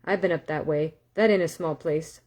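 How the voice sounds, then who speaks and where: Woman voicing a gruff haggling wagon carter. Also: low-pitched, normal speed, a little mellow. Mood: grudging haggling. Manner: gruff, grudging, slangy. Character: rough-spoken male wagon carter, blunt haggler.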